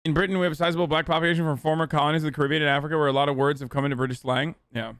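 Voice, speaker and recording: A man's voice: fairly high pitch, little pitch movement, rapid-fire, a bit bright, clean tone, no echo, clean studio sound. A man streaming reaction commentary, sarcastic and profane, talking animatedly to his chat.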